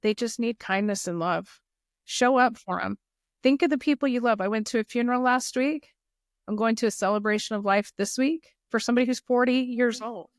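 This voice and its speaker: A woman's voice: fairly high pitch, brisk, no echo, studio quality. A middle-aged woman speaking as a guest in a podcast interview, telling personal stories in an earnest, heartfelt way. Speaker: guest, foundation leader.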